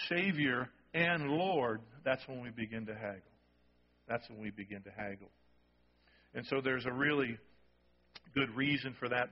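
Husky-voiced male pastor preaching. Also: mid-range voice. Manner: emphatic, repeats key phrases, asks the congregation "okay?". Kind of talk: sermon. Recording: dull recording in a reverberant hall.

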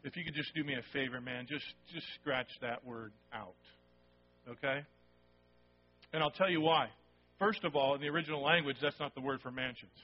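A mid-range male voice preaches at normal speed over soft background music. The pastor speaks in a conversational, emphatic way and keeps asking his listeners "okay?". The recording is dull and lo-fi.

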